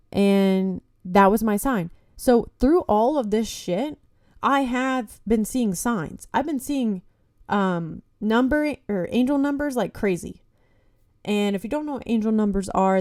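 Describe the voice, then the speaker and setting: Young woman podcast host, mellow and dry, swears freely, talks straight to listeners. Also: mid-range voice, dry recording. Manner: candid, heavy swearing, frequent "like" and "you know"; encouraging, addresses listeners as "guys". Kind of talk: casual solo podcast talk.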